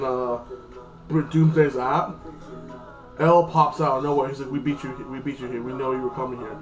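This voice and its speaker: A man casually recapping a TV episode in a rambling, crude way, full of fillers. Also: medium pitch. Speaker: TV episode reviewer. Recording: echoey room with music.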